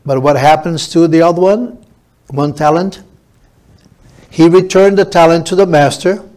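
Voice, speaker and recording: A man's voice: on the high side, moderate pace, a little mellow. A man preaching a sermon as pastor, emphatic and repetitive, building up his points.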